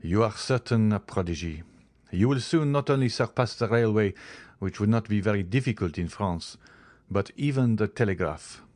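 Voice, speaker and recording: A man's voice: lowish voice, animated, normal speed, a little mellow, dry recording, lightly acted. A man reading the part of an eager young viscount in an audiobook, speaking earnestly.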